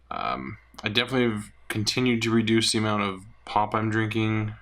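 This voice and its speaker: A man giving a personal weight-loss update, talking candidly and haltingly with many pauses and fillers. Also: lowish voice, fairly bright tone, slight background noise. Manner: candid, rambling, hesitant with many ums. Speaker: vlogger.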